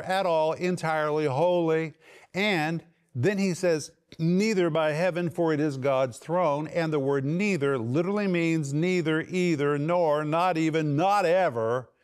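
A man teaching from the Bible, explaining Greek word meanings step by step and slowing down with emphasis on quoted verses. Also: mid-range voice. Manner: emphatic, slows and rises for quoted scripture and key words.

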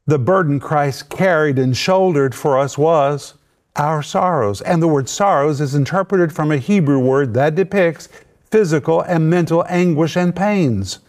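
A man teaching a sermon, explaining words with measured, emphatic delivery. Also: a little high, a little mellow. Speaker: Bible teacher.

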